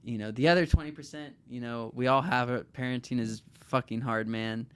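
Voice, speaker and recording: A man's voice: mid-range voice, steady tone, a little fast, smooth. A man speaking as a guest in a casual podcast conversation, reflective and hesitant, with many "like" and "um" fillers.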